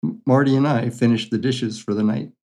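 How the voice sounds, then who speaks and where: A man's voice: medium pitch, fairly quick, a little mellow. Older guy reading his own memoir stories, dry and wry, plain middle voice. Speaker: memoir storyteller.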